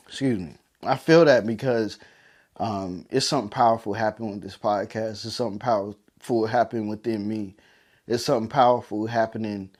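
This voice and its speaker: Man, podcast host, fairly low voice, tearful, heartfelt monologue, repeating lines like a sermon. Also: a little mellow. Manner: emotional, preacher-like repetition. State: teary, overcome with emotion.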